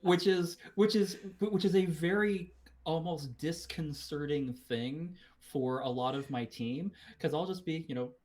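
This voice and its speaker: A man's voice: a little high, a little slow, darkish tone. A man with an American West Coast accent that slips into Kiwi words, co-hosting a podcast in rambling, swearing casual chat. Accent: American West Coast, slipping into Kiwi. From United States. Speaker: podcast co-host.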